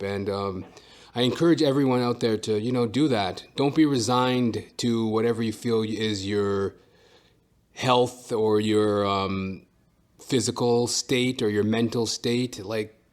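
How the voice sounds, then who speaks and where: A man with a fairly low voice hosts a solo podcast and talks casually and at length. He rambles freely, swears often and fills his speech with asides and verbal tics. The tone is unscripted and personal. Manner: rambling and profane, with many fillers and asides. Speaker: podcast host and stand-up comedian.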